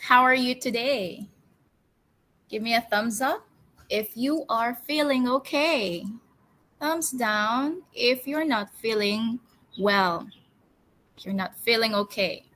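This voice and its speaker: A woman teacher runs a storytelling lesson for young children, her voice sitting a little high and ringing bright. She speaks very slowly, with cheerful coaxing questions, and has the class repeat each word after her. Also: rough recording. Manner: drills words with slow call-and-response repetition. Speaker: English teacher.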